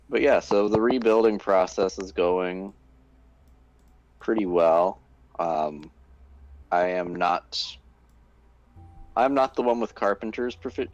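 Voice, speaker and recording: Very deep-voiced man running the game. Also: darkish tone, lo-fi sound. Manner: halting, many fillers and restarts. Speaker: game master. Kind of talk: narrating a tabletop game.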